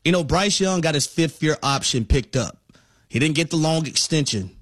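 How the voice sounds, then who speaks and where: A man with a fairly high voice gives sports radio analysis, recorded close and dry. He talks in a measured way, circling back and repeating himself as he builds each point. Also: lively intonation, a bit bright, no echo.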